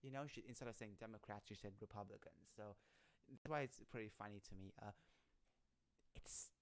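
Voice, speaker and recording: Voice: mid-range voice, brisk. A live streamer chatting casually and reading satire articles aloud, often stumbling over words and laughing.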